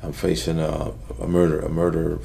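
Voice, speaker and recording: A middle-aged man giving a personal testimony in an interview, earnest and halting, dropping quiet at the heavy moments. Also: extremely low pitch, completely flat delivery, gravelly, a little hiss or hum. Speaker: interview guest.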